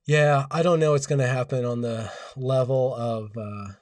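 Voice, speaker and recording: A man's voice: mid-range voice, fairly even intonation, normal speed, hardly any pauses, darkish tone, no room sound, studio quality, far from the mic. A man hosting a casual livestream, rambling wryly and reading out viewers' comments. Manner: rambling, wry, reads out chat comments. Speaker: livestream host. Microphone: home audio setup.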